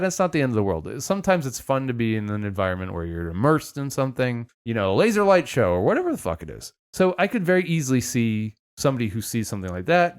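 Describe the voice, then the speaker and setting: A man's voice: mid-range voice, clear, resonant tone. A man co-hosting a podcast, rambling in a casual, sarcastic way and swearing often. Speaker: podcast co-host.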